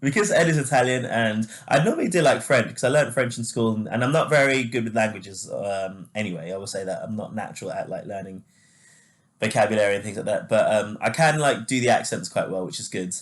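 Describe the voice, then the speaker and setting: A man co-hosting a podcast in casual chat, talking freely with lots of fillers and quick laughs. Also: on the low side, animated. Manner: chatty, laughs easily, many fillers. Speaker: podcast co-host.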